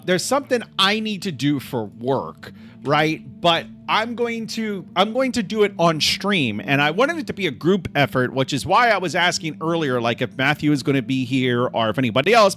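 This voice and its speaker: A man's voice: a little high, sharp tone. A man hosting a casual live stream, sarcastic and full of mock outrage. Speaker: livestream host.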